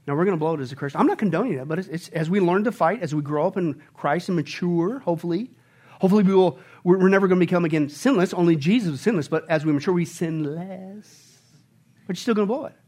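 A man preaching a sermon as pastor, emphatic and full of rhetorical questions, swinging from quiet intimate talk to loud exclaiming. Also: a little high.

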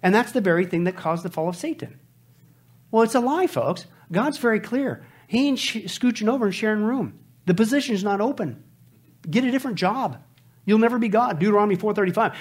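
Animated, high-voiced male Bible teacher. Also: a little fast. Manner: animated, sarcastic, jokey, emphatic. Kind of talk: preaching commentary.

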